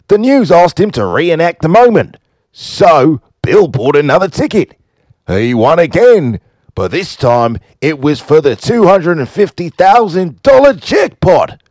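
A man's voice: darkish tone, no echo, full character voice. A man doing a jokey mock Australian bloke. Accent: put-on Australian. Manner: exaggerated, raised pitch.

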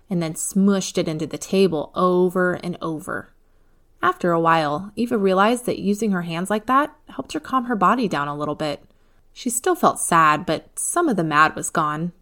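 Woman reading a children's story. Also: fairly low pitch. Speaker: narrator.

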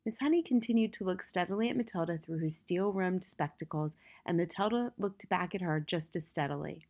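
A woman narrating a children's story aloud, expressive and building intensity at dramatic moments. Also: lowish voice, fairly quick. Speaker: audiobook narrator.

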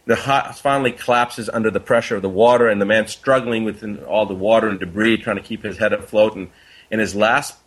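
A man's voice: on the low side, steady tone, a little fast. A man, a doctor, telling a parable in an earnest conversational way. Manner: earnest, tells a parable with quoted dialogue. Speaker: doctor guest. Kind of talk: conversational storytelling.

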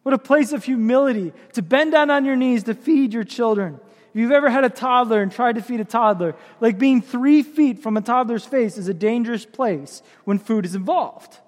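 A man's voice: very high-pitched, moderate pace, long reverb tail. A man preaching a sermon as pastor, with impassioned, building emphasis.

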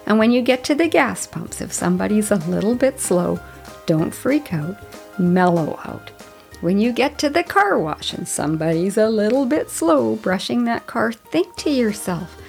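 A woman in her late fifties speaks in a middle-pitched voice, talking casually and earnestly as she shares a personal story. She lands on gentle advice, and soft music plays faintly behind her. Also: gravelly. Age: 50s. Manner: chatty, earnest, gently advising. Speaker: podcast host. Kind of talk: reflective solo storytelling.

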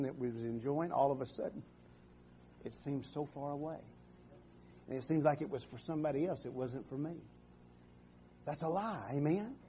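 A man preaching a sermon in a church, halting and repeating words, often calling out for an amen. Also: on the high side, dark tone, a little hiss or hum.

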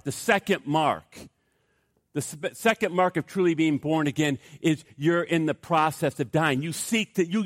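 Animated man preaching a sermon. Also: fairly high pitch, no room sound, clean studio sound. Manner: animated storytelling, stammering restarts. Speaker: pastor.

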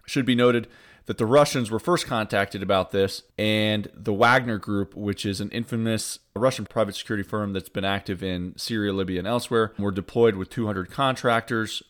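A man hosting a satirical news roundup in a deadpan, newsreader style with wry asides. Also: on the low side, normal speed. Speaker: host.

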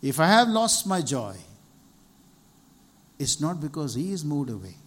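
Earnest preacher man, higher-pitched. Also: animated, moderate pace. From India. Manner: earnest, repeats key phrases for emphasis. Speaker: preacher, doctor. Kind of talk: sermon with personal testimony.

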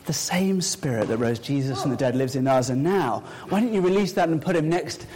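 A man's voice: on the high side, animated, a little fast, crowd noise, low-quality recording. A man preaching in a church, playful and chatty with the children and the congregation. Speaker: pastor. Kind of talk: sermon with a live object lesson. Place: church sanctuary with balcony.

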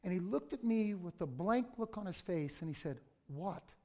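A middle-aged male pastor preaching a conversational sermon that breaks into sudden loud outbursts. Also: high voice, lively intonation, normal speed.

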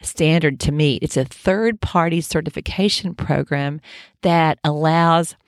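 A woman's voice: low-pitched, a little slow, no echo, clean studio sound. A middle-aged woman giving an informal health talk in a conversational, reassuring way, with frequent fillers. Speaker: health educator.

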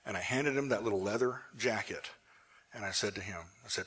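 A male pastor telling a personal story in a sermon, animated at times and hushed in the emotional moments. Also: lowish voice, a little fast, breathy edge.

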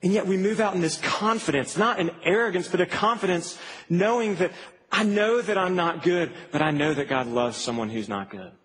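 A man preaching a sermon to a campus ministry, earnest and emphatic, dropping soft and then rising to stress. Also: sits high, normal speed, breathy edge, rough recording.

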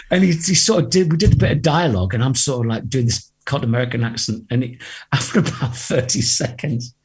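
A man's voice: mid-range voice, slightly rough. A middle-aged man, a guest singer, telling a long anecdote in a casual interview, acting out the voices of the people in it and laughing often. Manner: animated storyteller, acts out quoted voices, laughs often.

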